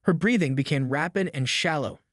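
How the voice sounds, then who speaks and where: Dry, slightly high male narrator. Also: brisk, no room sound. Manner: even, descriptive storytelling. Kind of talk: scripted story narration.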